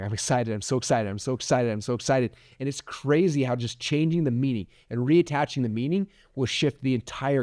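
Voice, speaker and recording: A man in his forties giving an energetic, chatty motivational talk as a podcast host, full of "like" fillers. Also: mid-range voice.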